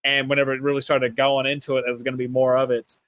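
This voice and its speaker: A man's voice: mid-range voice, little pitch movement, racing, a bit bright. A man with a Southern US accent co-hosting a podcast, talking casually and rambling with many restarts. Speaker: podcast co-host. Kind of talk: casual chat.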